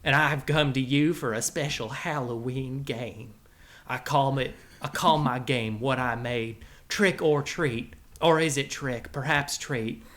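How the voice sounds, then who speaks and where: A man's voice: mid-range voice, measured pace, a bit bright, voice pushed down, close to an everyday voice. Brief: man doing a hammy, drawling cowboy outlaw, self-interrupting quiz host. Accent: put-on cowboy drawl. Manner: rambling, goofy, self-interrupting. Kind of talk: comedic podcast bit.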